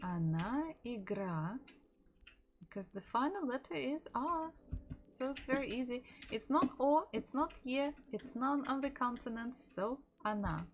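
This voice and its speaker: A woman with a Russian accent teaching her native language in a live-streamed lesson, repeating words slowly for practice. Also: sits high, lively intonation, slight background noise.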